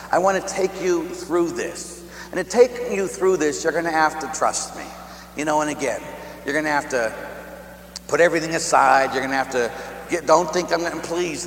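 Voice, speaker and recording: A man, a priest, preaching a sermon, telling stories and dropping into a hushed, near-whispered tone. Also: medium pitch, a little hiss or hum. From Pittsburgh area. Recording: echoey hall with long reverb.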